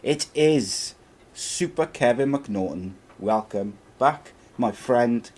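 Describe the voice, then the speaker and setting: A man's voice: mid-range voice, animated, slow pace, a little mellow. A Scottish man hosting a podcast, upbeat, reading promos and calling people mate. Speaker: podcast host. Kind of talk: podcast intro and casual chat.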